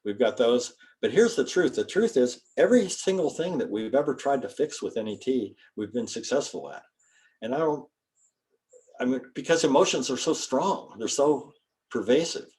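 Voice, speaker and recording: A man's voice: mid-range voice, expressive, moderate pace, darkish tone. An older man, a chiropractor, giving an informal lecture to students in a folksy, rambling way and spelling out terms. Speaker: guest speaker, chiropractor.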